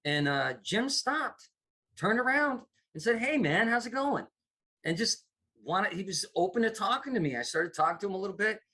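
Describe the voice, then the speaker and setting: Speaking at normal speed in a high voice, a middle-aged comedy producer from the United States shares stories during a relaxed interview. He livens them up by imitating the voices of everyone he quotes.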